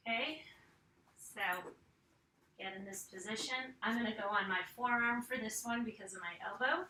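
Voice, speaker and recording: A woman's voice: on the high side, normal speed, sharp tone, reverberant, far from the mic, slight background noise. A woman fitness instructor leading a home arm workout, counting reps and cueing each move while she exercises along.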